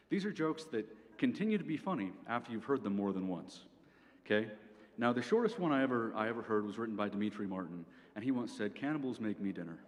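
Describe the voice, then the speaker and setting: A young man performing a stand-up comedy set at a university venue, with a dry delivery like a lecture and frequent "okay?" asides. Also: mid-range voice. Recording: long hall reverb, faint ambience.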